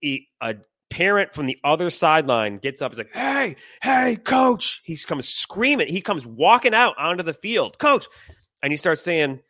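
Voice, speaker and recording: A middle-aged man telling a heated personal story on a podcast, animated and swearing, acting out the people he quotes. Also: a little high, normal speed, few pauses, dry recording, studio quality. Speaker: podcast co-host. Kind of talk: casual storytelling chat.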